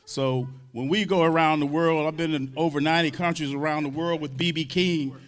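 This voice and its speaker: A man with a fairly high speaking voice tells a story to a crowd at a public event. He talks loosely and with humor, drops casual curses, and acts out the people he quotes. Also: steady tone, brisk. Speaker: drummer and guest speaker.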